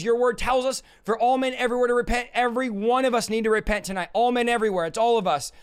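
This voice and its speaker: A man preaching and leading prayer on a livestream, urgent and exhorting, his voice hoarse and his throat scratchy. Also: very high-pitched, steady tone, fast talker, hardly any pauses.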